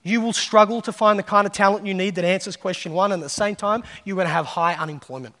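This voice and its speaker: A man's voice: high voice, quick pace, fairly bright tone. A man giving a conference keynote, telling stories and acting out the voices of people he quotes. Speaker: keynote speaker. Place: large hall on stage. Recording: reverberant hall.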